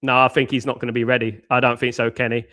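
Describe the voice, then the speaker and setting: A man's voice: mid-range voice, level tone, quick pace, bright, forceful tone. A man hosting a live fan show, answering chat in casual slangy banter and firing off combative rhetorical questions. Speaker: host.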